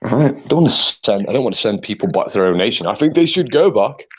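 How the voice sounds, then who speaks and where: A man's voice: mid-range voice, animated, fast, muffled recording, slight background noise. A man speaking as a guest in a heated panel debate, rambling and defensive and often tagging his points with "right?".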